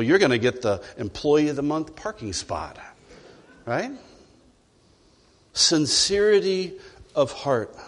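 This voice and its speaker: Male pastor, mid-high voice, emphatic sermon with rhetorical questions, long reverb of a church hall. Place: church sanctuary.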